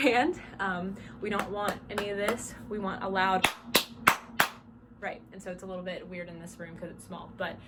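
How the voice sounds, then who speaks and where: A young adult woman from South Georgia, speaking with a Southern accent at a medium pitch, casually teaches drum major commands in a small dorm room. She's chatty, says "um" a lot, and acts out the commands aloud. The small room has clearly audible background noise.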